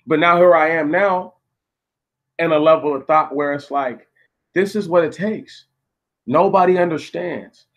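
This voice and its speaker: A man's voice: on the high side, unhurried, pauses often. A man rants on his live stream. He swears constantly, repeats himself and argues with the viewers in his chat. He sounds angry throughout. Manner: angry, profane, repetitive, arguing with viewers. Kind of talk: heated live-stream rant.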